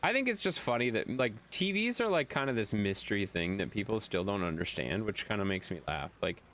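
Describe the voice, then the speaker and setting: A man's voice: fairly low pitch, big pitch swings, brisk, a bit bright. A man streaming a game, chatting loosely with viewers, swearing and laughing often. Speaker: gaming streamer. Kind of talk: casual chat while playing.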